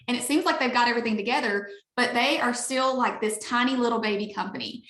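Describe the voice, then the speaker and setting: A chatty woman with a Southern Alabama twang gushes through a sales pitch on a video call. Her voice sits a little high and rings bright and forceful. The sound carries the echo of a roomy space. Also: fast talker, few pauses. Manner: upbeat, gushing, chatty. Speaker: network marketing leader.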